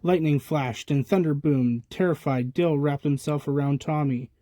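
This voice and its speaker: A man's voice: fairly high pitch, moderate pace, dry recording. A man reading a children's picture book aloud, lifting his voice for the baby characters' lines. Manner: lively, lifts voice for the babies' lines. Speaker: storybook reader. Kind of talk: children's story read-aloud.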